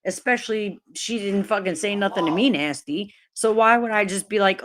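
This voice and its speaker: A woman's voice: medium pitch, normal speed, a bit bright. A woman talks loosely to her live-stream chat in an ordinary mid-range voice. She laughs often and swears freely as she answers her viewers. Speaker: livestreamer.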